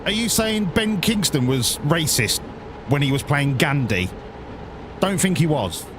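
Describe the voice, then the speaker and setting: A man's voice: fairly high pitch, very animated, unhurried, background noise. A man streaming a driving game, talking sarcastically to the game and swearing freely as he plays. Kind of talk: casual gaming commentary.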